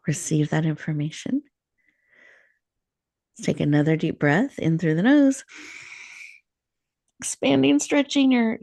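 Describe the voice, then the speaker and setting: A woman radio host leading a guided breathing meditation in a slow, soothing, inviting way before she welcomes a guest. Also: medium pitch, creaky, darkish tone, no echo, studio quality.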